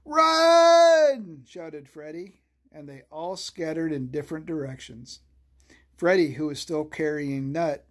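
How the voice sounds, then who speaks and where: A storyteller reading a children's bedtime story aloud, slow and soothing. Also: mid-range voice, slightly rough.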